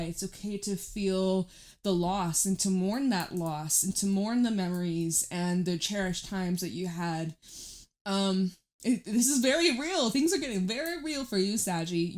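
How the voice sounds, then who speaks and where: A woman giving a tarot reading to camera, talking in a gentle, reassuring, chatty way with many fillers. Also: mid-range voice. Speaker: tarot reader.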